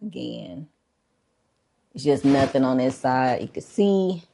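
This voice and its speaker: A woman's voice: rumbling low, expressive, slow pace, gravelly, warm tone, slight background noise. A woman vlogger chatting casually about her book collection, laid-back and chatty, with lots of fillers and a "y'all" here and there. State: a bit out of breath. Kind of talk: casual show-and-tell chat.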